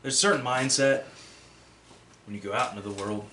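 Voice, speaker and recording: A man co-hosting a podcast, telling stories in relaxed casual chat. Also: mid-range voice, brisk, reverberant, slight background noise. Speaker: podcast co-host and editor.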